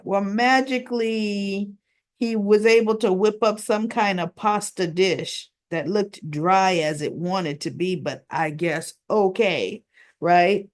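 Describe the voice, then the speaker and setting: Slow, chatty woman recapping soap scenes. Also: mid-range voice. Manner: chatty retelling of scenes, frequent "right?" and "she goes". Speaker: soap opera recap vlogger. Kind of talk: casual recap chat.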